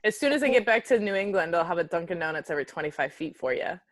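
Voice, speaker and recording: A woman's voice: fairly low pitch, expressive, rapid-fire, no room sound, studio quality, faint music behind. A woman co-hosting a podcast, teasing and laughing in casual chat. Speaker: podcast co-host.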